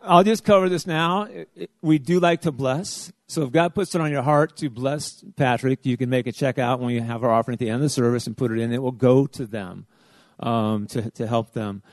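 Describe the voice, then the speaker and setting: A man's voice: mid-range voice, a little fast, hardly any pauses, no room sound. Male church leader, loose and rambling with fillers, dry close sound. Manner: rambling, filler-heavy, self-interrupting. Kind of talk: casual church announcements.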